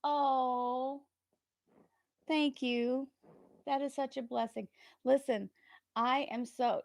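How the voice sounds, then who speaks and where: A woman hosting a tarot livestream, talking earnestly and warmly about trust and spirit, often laughing between thoughts. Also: high-pitched, steady tone, slow, vocal fry, long pauses, dry recording, clean studio sound. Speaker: tarot reader and channel host. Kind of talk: casual livestream chat.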